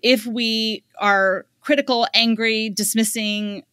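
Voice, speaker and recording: A woman guest on a podcast telling a story about a client in a lively, conversational way, acting out the quotes as she goes. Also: a little high, slow, clean tone, dry recording, studio quality. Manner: animated, quotes others in lively asides. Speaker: guest parenting expert.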